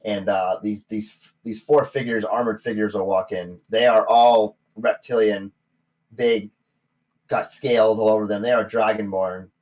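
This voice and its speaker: A man narrating as game master of a tabletop game, often halting to search for words. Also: lowish voice, steady tone, darkish tone.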